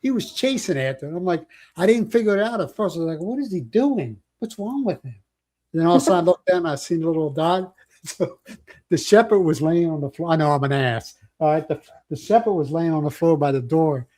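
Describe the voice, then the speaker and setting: An older man hosts a casual livestream chat, spinning rambling stories and joking with viewers. His voice is a little high and a little mellow, and he speaks at a quick pace.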